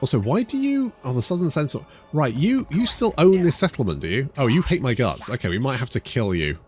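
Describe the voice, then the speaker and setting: A man's voice: mid-range voice, sing-song, brisk, darkish tone, faint music behind. A British man casually commentating a strategy game, chatty and rambling with joking asides. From Britain. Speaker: gaming YouTuber. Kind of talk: casual let's-play commentary.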